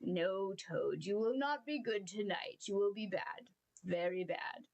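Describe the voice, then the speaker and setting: A woman voicing a stern, gruff old male badger in a read-aloud storybook, speaking firmly with a low growl. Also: measured pace, lightly acted. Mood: hearty. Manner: growling, firm, then gentle.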